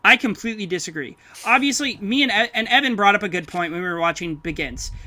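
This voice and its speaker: Male co-host, bright forceful tone, eager delivery with quick bursts. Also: sits high, lively intonation. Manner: enthusiastic, rapid bursts when making a point. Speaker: podcast co-host. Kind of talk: casual film podcast chat.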